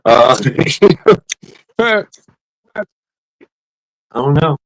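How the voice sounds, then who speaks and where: A man's voice: fairly high pitch, very animated, drawn-out words, low-quality recording. A man hosting a casual live stream, rambling with many fillers and restarts and reading out viewers' comments. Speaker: livestream host. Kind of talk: casual livestream chat.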